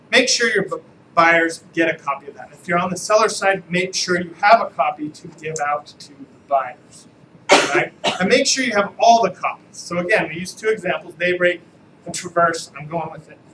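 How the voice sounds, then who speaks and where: A man's voice: on the high side, bright, forceful tone, a little hiss or hum, rough recording. A man, an attorney, giving a casual, joking live training talk to real estate agents and asking the room questions.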